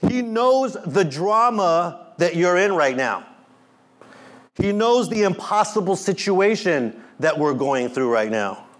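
Middle-aged male pastor, lively sermon delivery, fairly high voice, playful asides. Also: slow pace. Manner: animated, acts out quotes, jokes with congregation.

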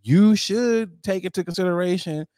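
A man's voice: high voice, moderate pace, warm tone, smooth, dry recording, clean studio sound. A man co-hosting a casual podcast, reading out a story and chatting, often laughing through his words. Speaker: podcast co-host.

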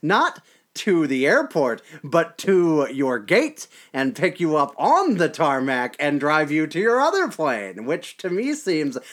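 A man's voice: on the high side, huge pitch swings, slow pace, fairly bright tone. A man co-hosting a podcast, telling a story in a wry, self-deprecating way. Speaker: podcast co-host. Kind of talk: casual podcast chat.

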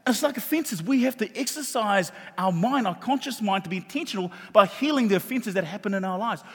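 A man preaching a sermon in a church hall, animated and jokey, often repeating his words. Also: sits high, fast, breathy edge. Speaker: pastor. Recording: long hall reverb.

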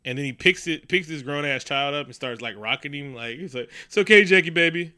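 A man's voice: medium pitch, a little fast, pushed and bright, no room sound, studio quality. Profane, rambling young man. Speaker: podcast co-host. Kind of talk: casual movie recap chat.

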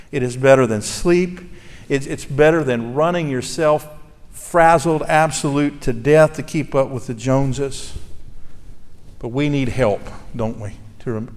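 In a church sanctuary, a male pastor with a mid-range, darkish voice preaches a sermon in an earnest, conversational way, posing rhetorical questions to his congregation. The recording carries the long reverb of a large church hall.

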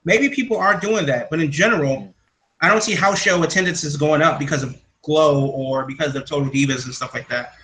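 Male podcast host, bright voice, slightly high, opinionated, casual. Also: low-quality recording. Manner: quick, opinionated, jokey.

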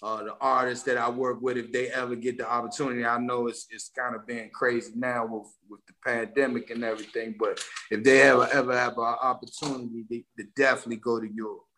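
D.C.-male rapper guest, bright and forceful, animated storyteller. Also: medium pitch, quick pace. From Washington, D.C. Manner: animated, streetwise storytelling with slang. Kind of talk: casual podcast interview.

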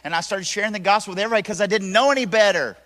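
A man preaching his testimony as a lively story and acting out the voices he describes. His voice is bright and forceful and sits a little high for a man, with long reverb from a large hall around it. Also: very fast. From Tennessee, US. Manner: animated storyteller, acts out voices. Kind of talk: storytelling sermon.

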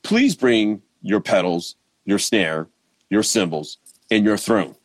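A man from Baltimore, Maryland, a drummer guesting on a casual interview, speaks slowly in a lowish voice. He comes across as laid-back, with frequent ums and restarts, and there's no room sound.

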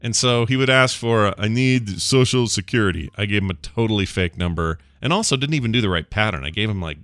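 A man's voice: lowish voice, animated, quick pace, fairly bright tone, no echo. A man co-hosting a podcast in casual chat, telling rambling stories and now and then putting on silly voices. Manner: rambling storyteller, puts on silly caller voices. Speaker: podcast co-host.

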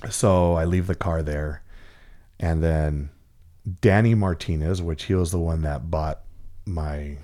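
A man's voice: extremely low pitch, slow pace, mellow. A middle-aged man from Central California telling a story in casual chat, rambling and profane, with lots of fillers and restarts.

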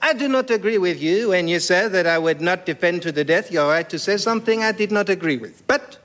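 An actor playing a grandiose, theatrical Voltaire in a put-on outrageous French accent, for a radio comedy sketch. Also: male voice, high-pitched, animated, brisk, fairly bright tone. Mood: grand. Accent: mock French.

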